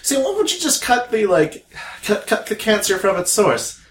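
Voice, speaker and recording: A man co-hosting a podcast, swearing freely and telling stories with plenty of laughter. His voice sits a little high for a man. The room around him is echoey. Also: normal speed, slight background noise. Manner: profane, laughs often, animated storytelling. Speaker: podcast co-host. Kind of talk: casual chat.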